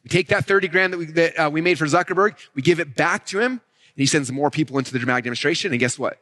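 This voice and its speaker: This man's marketing presentation sounds live, with running commentary delivered rapidly and with high energy. His slightly high voice is bright and forceful, and he punctuates points with "right?" and "okay?"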